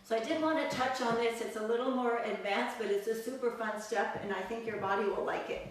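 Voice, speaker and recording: A woman with a slightly high voice teaches a live belly dance class briskly, counting beats aloud and cueing each move with upbeat encouragement. The mic is far off in a very echoey room, with music playing and a little hiss or hum.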